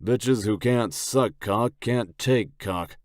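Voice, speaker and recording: A man voicing a blunt, crude young biker who talks loudly and brashly. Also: fairly low pitch, slow pace, no room sound, studio quality, voice pushed up.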